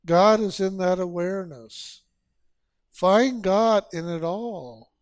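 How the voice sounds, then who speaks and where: A man's voice: sits high, clear, resonant tone, no echo, clean studio sound. A man giving a spiritual sermon as a teacher, urging listeners with repeated phrases and rhetorical questions. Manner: slow, repetitive exhortation with rhetorical questions.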